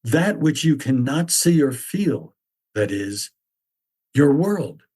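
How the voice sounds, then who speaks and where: A man voicing a stern mythic figure who lectures bluntly in a measured, repetitive way. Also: medium pitch, big pitch swings, darkish tone, slightly rough, heavily acted. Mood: lecturing. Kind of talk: reflective spoken essay.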